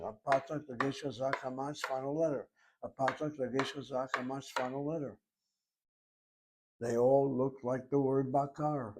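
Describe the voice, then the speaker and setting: Male language teacher, mid-pitched, slow and deliberate lecturer who repeats himself. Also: darkish tone. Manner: slow, deliberate explanation with repetition. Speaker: Hebrew teacher.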